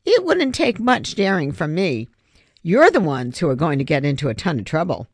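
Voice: mid-range voice, sing-song, moderate pace, no room sound, studio quality. An audiobook reader voicing a cheerful, mocking schoolboy bully with a big mouth. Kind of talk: audiobook character voice.

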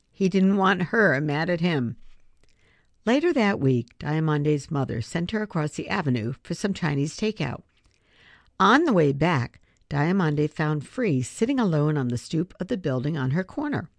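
A woman reads a children's chapter book aloud in a low voice. Her delivery is expressive, with lively rises and falls of pitch. The recording is dry and close. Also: moderate pace, dry recording. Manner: expressive, storytelling. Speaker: reader.

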